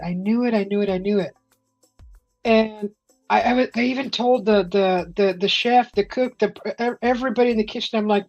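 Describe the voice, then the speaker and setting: A woman hosts a live stream in a loose, casual storytelling way, jumping into the voices of the people in her anecdotes. Her voice sits at an ordinary middle pitch. The audio is a little muffled, with soft music playing underneath. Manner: animated, acts out quoted voices. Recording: slightly dull stream audio with faint music.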